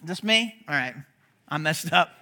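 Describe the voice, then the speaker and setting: A man preaching a sermon as pastor, talking in an animated, conversational way with joking asides to the congregation. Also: on the high side, measured pace.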